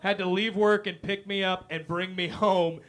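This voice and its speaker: A man's voice: high voice, steady tone, moderate pace, fairly bright tone. A man from the Midwest hosting a comedic true crime talk show, joking loosely and swearing freely. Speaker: host. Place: live café stage.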